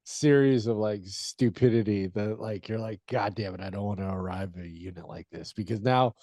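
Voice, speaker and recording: A man's voice: fairly low pitch, normal speed, a little mellow, no echo, studio quality. A middle-aged man hosting a casual chat, rambling with lots of "like", swearing and chuckling.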